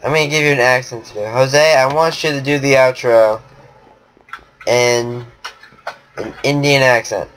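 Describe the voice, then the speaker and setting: A man's voice: mid-range voice, steady tone, unhurried, pauses often, a bit bright. A sick, coughing man hosting a casual gaming chat, offhand and jokingly bossy with his friend. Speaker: channel host.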